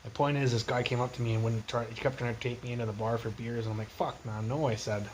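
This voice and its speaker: A man's voice: medium pitch, little pitch movement, quick pace, a little hiss or hum, rough recording. Rambling, foul-mouthed guy. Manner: profane, rambling storytelling. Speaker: livestreamer. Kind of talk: casual rambling livestream chat. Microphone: phone.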